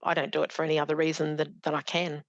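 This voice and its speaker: A middle-aged woman with a low, gravelly voice. She talks as a podcast guest and keeps breaking off and restarting her sentences. The sound is dry and close. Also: level tone, dry recording, lo-fi sound. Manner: halting, with many restarts and fillers. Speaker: charity founder, guest. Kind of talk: conversational podcast interview.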